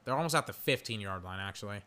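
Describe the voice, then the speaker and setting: A young man hosting a podcast, giving casual live football commentary with rambling fillers and loud bursts of frustration. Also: fairly low pitch, animated, fast talker. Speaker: podcast host doing game commentary.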